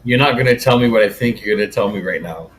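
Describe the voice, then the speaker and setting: A man's voice: on the low side, fast talker. A man co-hosting a casual podcast, mostly reacting to and hyping up the other host. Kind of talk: casual chat.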